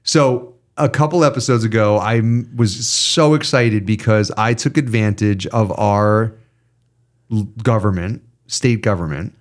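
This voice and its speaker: A man's voice: on the low side, a little slow. A man hosting a casual podcast, ranting with lots of swearing, then reading sponsor ads. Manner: ranting, profane, animated. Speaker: podcast host. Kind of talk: casual podcast chat and ad reads.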